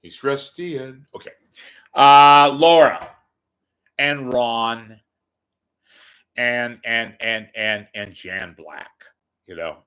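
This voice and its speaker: A man's voice: mid-range voice, extremely slow, pauses often, sharp tone, clean tone. A man hosting a rambling, self-mocking livestream monologue, often repeating words as he talks close to his webcam. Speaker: livestream host. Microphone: webcam close to face.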